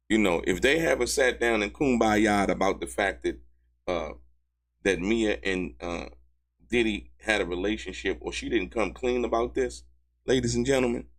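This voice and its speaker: A man hosting a casual legal commentary show, excitable and emphatic, who keeps repeating "ladies and gentlemen" and jumps up high in pitch when outraged. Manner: laughs mid-sentence, emphatic repetition. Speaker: commentary channel host.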